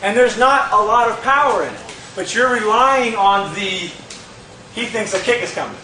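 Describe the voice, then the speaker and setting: A man teaching a martial arts move in a lively, demonstrative way, with sound effects, recorded from a distant camera. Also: high-pitched, normal speed, slight background noise. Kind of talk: casual instructional demonstration. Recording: echoey gym from far off with crowd.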